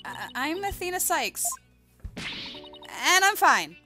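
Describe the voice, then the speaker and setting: A woman doing a bubbly, jittery young woman attorney with a high, squeaky, eager voice that jumps up in pitch. Game music runs behind. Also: very animated, moderate pace. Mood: hesitant. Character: bubbly young woman lawyer, nervous and excited.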